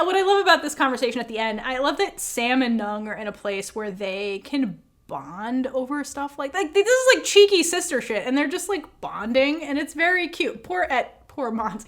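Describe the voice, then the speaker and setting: An animated woman co-hosting a casual podcast, her voice sitting a little high and swinging widely in pitch. She keeps slipping into the characters' lines and laughs often as she goes. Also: normal speed. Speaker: podcast co-host. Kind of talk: casual recap chat.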